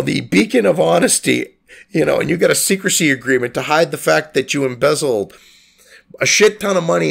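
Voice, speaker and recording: Casting: a man with a high, gravelly voice for a foul-mouthed, scornful news commentary host. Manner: profane, scornful, mocking. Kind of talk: ranting commentary on a news article.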